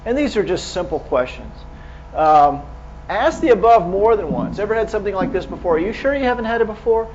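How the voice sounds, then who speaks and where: A man's voice: sits high, expressive, fairly quick, a little mellow, muffled recording, a little hiss or hum. A man giving a live lecture to clinicians, speaking casually and asking the audience rhetorical questions. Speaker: medical lecturer.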